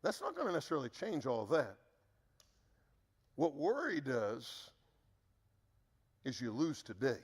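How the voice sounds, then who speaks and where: A middle-aged man preaching a sermon as pastor, earnest and repetitive, dropping low to stress key words. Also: wildly swooping pitch, a little slow, pauses often, husky, in a large hall.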